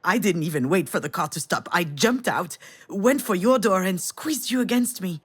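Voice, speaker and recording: An actress playing a gentle middle-aged mother in a visual novel, telling a memory in a soft, reminiscing way. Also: on the low side, animated, moderate pace, husky. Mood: tender. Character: tender mother recalling the past, gentle. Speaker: game character. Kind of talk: visual novel storytelling monologue.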